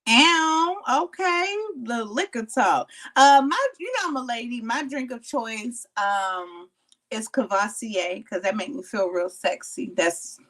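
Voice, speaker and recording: A woman's voice: on the high side, animated, slow pace, a bit bright. A woman guesting on a podcast, talking bluntly and playfully with plenty of swearing. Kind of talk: casual podcast chat.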